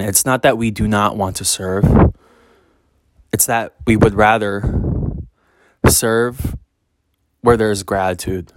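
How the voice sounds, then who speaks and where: Blunt, low-voiced man giving spiritual advice. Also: slight background noise. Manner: blunt, emphatic, swears freely. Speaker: spiritual reader. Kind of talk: casual spiritual monologue to camera.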